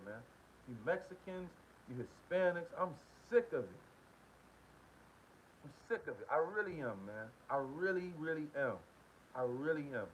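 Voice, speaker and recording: A man hosting a live stream, talking casually and repetitively in while reading viewer comments. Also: fairly high pitch. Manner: venting, repetitive, slangy. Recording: dull lo-fi stream with faint hiss.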